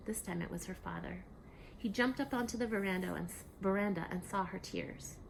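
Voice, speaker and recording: Expressive woman reading a storybook aloud. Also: mid-range voice, normal speed, gravelly, slight background noise. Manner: expressive, with soft hushed asides.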